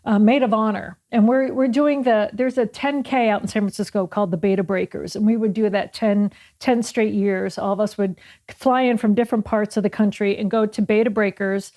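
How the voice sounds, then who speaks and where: A woman's voice: medium pitch, fairly quick. A middle-aged woman from Massachusetts hosting a sports radio show, telling stories in casual interview chat and acting out quoted lines. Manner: storytelling, animated, acts out quotes.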